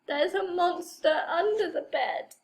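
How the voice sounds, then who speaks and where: A woman voicing an excitable mischievous little boy in a storybook reading, raising her voice to high squealing cries. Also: unhurried. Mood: alarmed.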